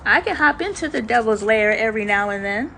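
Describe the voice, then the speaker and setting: A woman's voice: on the high side, animated, brisk, creaky, pushed and bright, a little hiss or hum, rough recording. A woman hosting a casual livestream chat, talking in a slangy, emphatic way with preachy asides and greeting viewers. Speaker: livestream host.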